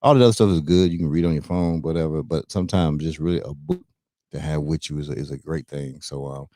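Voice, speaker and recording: A man hosting a podcast interview, lively and playful in a casual studio chat, peppering his talk with "you know what I'm saying.". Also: rumbling low, fast, no echo. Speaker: podcast host.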